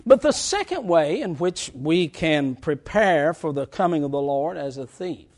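A man preaching a sermon, swinging from shouted lines to hushed, drawn-out words, with folksy stories told through laughter. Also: a little high, lively intonation.

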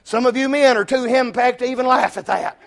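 A male preacher, delivering a sermon that swings from low asides to shouted climaxes. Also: fairly quick, vocal fry.

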